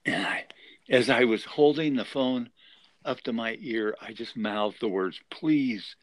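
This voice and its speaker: A man's voice: medium pitch, unhurried, no room sound. A man in his sixties earnestly telling a personal survival story as an interview guest. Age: 60s. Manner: earnest, emotional retelling.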